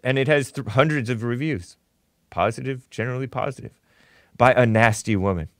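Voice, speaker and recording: A man's voice: mid-range voice, a little fast, a bit bright, no room sound, clean studio sound. A man hosting a talk show, giving opinionated commentary with a mocking tone and frequent chuckles. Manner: mocking, chuckles often while reading posts.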